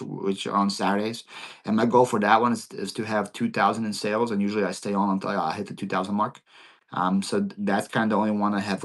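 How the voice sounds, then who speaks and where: Philly accent guy hosting a seller livestream q&a, kinda low voice, keeps tripping over his words. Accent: Philadelphia. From Ukraine, raised in Philadelphia. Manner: halting, repeats words often. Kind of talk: casual livestream Q&A.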